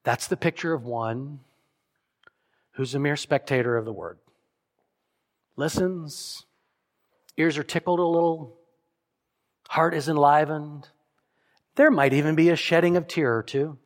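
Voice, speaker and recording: Male pastor, slightly high voice, emphatic sermon delivery, long church reverb. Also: measured pace, pauses often. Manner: emphatic, voices imagined prayers, drops to soft solemn lines.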